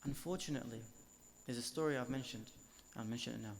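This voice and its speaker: A man's voice: mid-range voice, fast, gravelly. A man delivering a religious lecture at an Islamic centre, speaking emphatically and building up force on repeated phrases.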